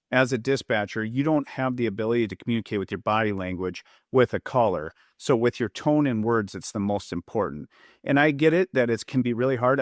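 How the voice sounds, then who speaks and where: A man's voice: mid-range voice, no room sound, clean studio sound. A man, a public safety trainer and former police officer, explaining points in a podcast interview and acting out quoted lines to show tone, with an Upper Midwest American accent.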